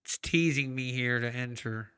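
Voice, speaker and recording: A man's voice: mid-range voice, moderate pace, bright, forceful tone, clean tone. A man hosting a live trading stream, chatting casually and rambling as he reacts to viewers' messages. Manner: rambling, chatty, reads chat aloud.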